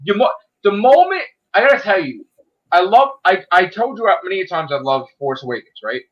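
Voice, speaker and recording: A man's voice: high-pitched, sing-song, normal speed, muffled recording. A man hosting a livestream, chatting casually and ranting heatedly with a lot of swearing. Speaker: livestream host. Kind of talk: casual profane chat.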